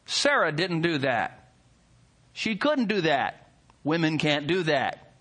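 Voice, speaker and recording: A man preaching a teaching sermon in a bright, ringing voice that climbs and falls a great deal. He leans hard on key words and keeps throwing questions out to his listeners. His delivery is emphatic and animated. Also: a little high, slow. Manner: emphatic, asks the audience rhetorical questions. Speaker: pastor. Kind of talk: expository sermon.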